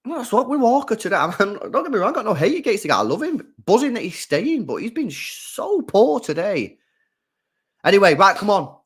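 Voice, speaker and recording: A man hosts a live football watchalong, chatting with his viewers and reacting to every attack. His voice sits slightly high for a man. He bursts into loud shouts at big moments and drops to low mutters in between. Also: very animated, a little fast, slightly rough.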